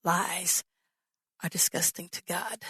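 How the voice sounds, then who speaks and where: A woman pastor preaching a sermon, telling the story with lively acted-out quotes. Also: fairly low pitch, slow pace, breathy edge, no room sound. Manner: animated storytelling, acts out quoted voices.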